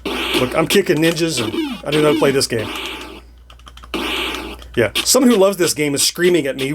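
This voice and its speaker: Playing retro games on his video, this chatty middle-aged host laughs a lot and thinks out loud in a casual running commentary. He talks a little fast with long pauses, in a slightly high, very animated voice, over a little hiss or hum.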